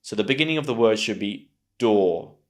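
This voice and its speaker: A British man with a British English accent, teaching English pronunciation to camera and slowly repeating words clearly. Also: lowish voice, lively intonation. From Britain.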